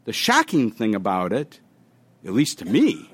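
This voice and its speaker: A man giving a conference panel talk, animated and joking as he tells a story. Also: on the low side, a little slow, breathy edge. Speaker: panel speaker.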